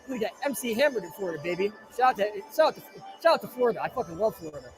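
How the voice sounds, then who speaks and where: A man from New Jersey hosts a live chat stream from inside an arena, his voice pitched unusually high. He reads viewer comments and trades crude, brash jokes with them. Faint music plays underneath. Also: big pitch swings, very fast. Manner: brash, crude joking shout-outs. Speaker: livestream host.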